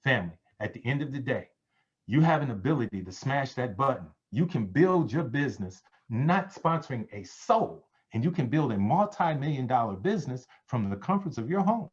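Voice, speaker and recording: A man giving a sales pitch on a conference call, preachy, calling his listeners family. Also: very animated, moderate pace, breathy edge. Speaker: presenter on a business call. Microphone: conference call line. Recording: dull lo-fi call audio.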